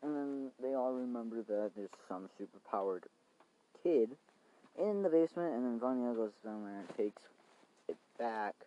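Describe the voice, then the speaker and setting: A man's voice: medium pitch, expressive, normal speed, dark tone, muffled recording. A young man vlogging outdoors in the cold rain, recapping a show in a rambling, casual way with lots of fillers and swearing.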